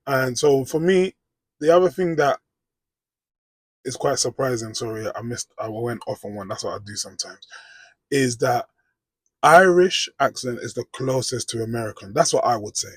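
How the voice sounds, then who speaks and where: A man's voice: medium pitch, normal speed, breathy edge, no room sound. A British man, chatting casually in a rambling reaction vlog. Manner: chatty, rambling, frequent "do you know what I mean". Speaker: vlogger.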